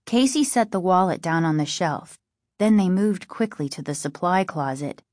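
An audiobook narrator reads a spooky storybook in scripted narration, her fairly low voice measured and steady. The recording is clean studio sound with no room sound.

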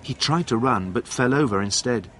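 A man narrating a story in a calm, plain, measured reading voice. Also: mid-range voice, a little hiss or hum.

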